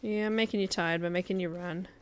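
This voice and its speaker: A woman with a lowish, steady voice talks fast while giving casual commentary on a survival game she's playing as a guest streamer. She laughs a lot.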